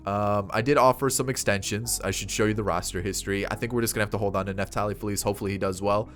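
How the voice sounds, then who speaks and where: A man's voice: lowish voice, fairly even intonation, fast, hardly any pauses, a bit bright, faint music behind. A young man giving casual commentary on his own gameplay, thinking aloud with frequent restarts and getting exasperated at times. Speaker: gaming YouTuber.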